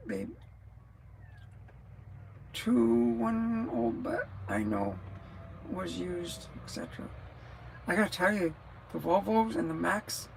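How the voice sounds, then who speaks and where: A woman live-streamer in a loose, rambling chat, speaking at an unhurried pace with a gravelly, creaky edge to her voice. Her pitch swings widely as she talks, and she breaks off to answer viewers' comments. A faint hiss of noise sits under the recording. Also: a little mellow, low-quality recording. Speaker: livestreamer.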